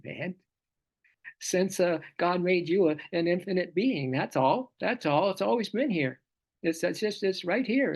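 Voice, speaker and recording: Gravelly, playful spiritual class teacher, man. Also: fairly high pitch. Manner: loose, playful, laughs often, repeats phrases. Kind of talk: live online scripture class talk.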